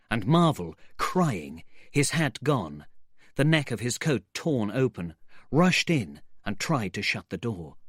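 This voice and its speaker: A man reading a novel aloud in clear, measured narration for English learners. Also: lowish voice, dry recording, clean studio sound. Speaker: audiobook narrator.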